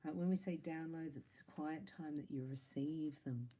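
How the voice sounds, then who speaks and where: Female psychic reader, low mellow voice, chatty and playful with laughs. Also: moderate pace, poor audio. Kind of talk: casual spiritual reading to camera.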